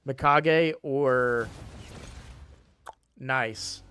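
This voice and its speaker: A man's voice: mid-range voice, extremely slow, sharp tone, clear, resonant tone. A man chatting casually on a game live stream, sleepy and yawning, rambling with frequent restarts.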